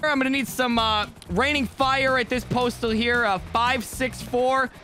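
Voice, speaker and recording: High bright goofy male gamer. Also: fairly even intonation, unhurried. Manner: over-the-top, goofy, often shouting. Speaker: streamer host. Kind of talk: comedic game roleplay.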